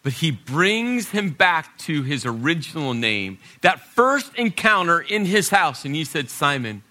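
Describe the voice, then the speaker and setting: A male pastor with a medium-pitched voice preaches a dramatic sermon, swinging between loud and hushed passages and acting out quotes.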